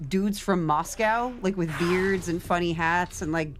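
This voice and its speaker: A woman's voice: on the low side, a little slow, noisy background. A tired young woman, a theater actor, explaining Shakespeare in sassy casual chat, with casual swearing. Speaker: guest on a game stream, theater actor.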